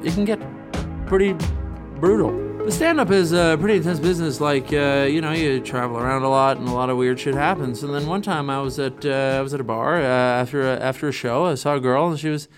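A brash male stand-up comedian tells crude stories in a mid-range voice. He gets excitable and swears freely. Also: medium pitch, brisk, over music. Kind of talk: comic storytelling.

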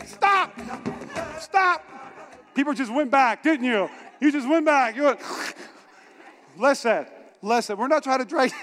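A man who pastors a church, preaching a sermon in an animated, joking way and talking straight to his congregation. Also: very high-pitched. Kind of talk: energetic sermon. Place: large church hall. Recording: reverberant church hall.

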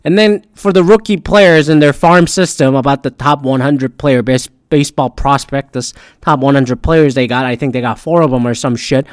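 A man's voice: medium pitch, fairly even intonation, moderate pace, few pauses, smooth, no echo. A man ranting crudely and sarcastically, swearing constantly as he comments like a podcast host. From Pacific Northwest.

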